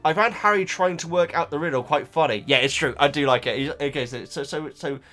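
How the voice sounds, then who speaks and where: A man's voice: fairly high pitch, a little fast, bright, forceful tone, soft background music. A man chatting casually as a YouTube reactor, reading out viewer comments and rambling, often stumbling over repeated words. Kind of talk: casual chat.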